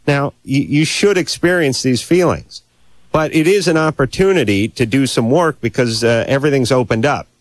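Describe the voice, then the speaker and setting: A man's voice: mid-range voice, no echo, clean studio sound. Blunt, wisecracking male radio host. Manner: sarcastic, joking, blunt. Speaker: radio advice show host. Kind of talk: call-in advice radio. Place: radio studio.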